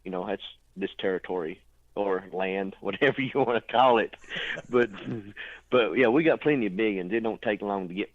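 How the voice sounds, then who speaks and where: A man's voice: lowish voice, moderate pace, dry recording. A man with an East Tennessee accent, a songwriter calling in, chatting in a folksy, drawling way. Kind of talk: casual phone chat. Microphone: phone. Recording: tinny phone line.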